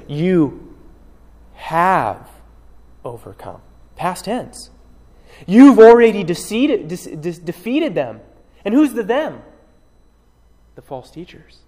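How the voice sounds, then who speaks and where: A fairly high-voiced man preaches an expository sermon from the pulpit. He drives his points home by repeating key words, pausing between them for weight. His voice rings out with a long reverb, as in a church hall. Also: a little mellow. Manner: emphatic, repeats key words with dramatic pauses. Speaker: pastor.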